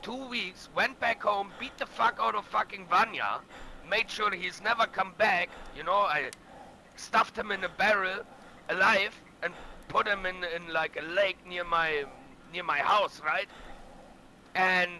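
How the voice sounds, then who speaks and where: A man's voice: sits high, sharp tone, a little hiss or hum, poor audio. A man roleplaying a bandit boss in online game voice chat, telling a long profane, boastful, rambling story in character.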